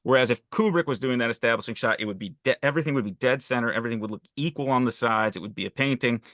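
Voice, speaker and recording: A man's voice: medium pitch, rapid-fire, a bit bright, no room sound, studio quality. A man talking about a film on a podcast, enthusiastic, restarting his sentences and speeding up in bursts. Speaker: podcast co-host. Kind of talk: casual film discussion.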